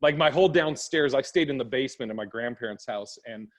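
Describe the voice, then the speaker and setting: Laughing guest comic on a call. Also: male voice, medium pitch, fast. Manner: laughs often, acts out voices in anecdotes. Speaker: stand-up comedian guest. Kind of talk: casual chat. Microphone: video call.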